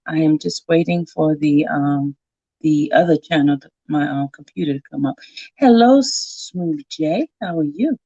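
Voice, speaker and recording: Woman hosting a stream, calling out names, low mellow voice, kinda muffled dry sound. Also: no room sound. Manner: greets viewers one by one by name, slow and drawn out. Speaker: livestream host. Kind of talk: casual livestream chat. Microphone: computer or phone mic.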